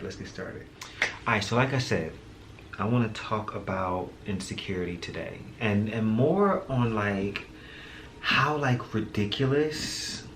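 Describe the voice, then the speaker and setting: A man hosting his own show, talking casually and candidly to his viewers, a bit tired, laughing often and using slang. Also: deep voice. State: tired, low energy. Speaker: podcast host. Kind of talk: casual solo vlog talk. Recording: echoey room with audible background noise.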